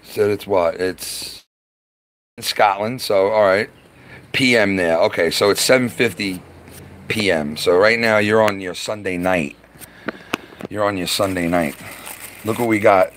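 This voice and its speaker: A man chatting loosely with viewers on a live stream from his garage, excitable and profane, laughing often and stumbling over words. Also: on the low side, a little slow, pauses often, a little hiss or hum. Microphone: phone.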